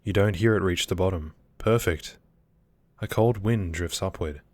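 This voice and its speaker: A man reading a horror visual novel aloud, breaking off for excited reactions. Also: deep voice, normal speed, no room sound. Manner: reads game text, breaks off with excited reactions. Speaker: gaming video creator.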